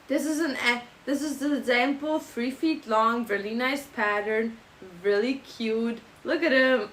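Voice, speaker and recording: A woman's voice: on the high side, unhurried, fairly bright tone, low-quality recording. A young woman streamer with a German accent, chatting playfully and reading out her live chat. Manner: playful, jokey, switching into silly mock phrases.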